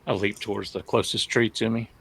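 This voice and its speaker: Male tabletop player, in character, terse, flat delivery, gravelly. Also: on the low side, a little fast. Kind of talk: in-character play at a tabletop game.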